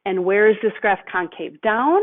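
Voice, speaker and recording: A woman's voice: mid-range voice, expressive. Female math teacher, patient step-by-step recorded lesson; narrow tinny audio. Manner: patient step-by-step explaining, slows on key terms.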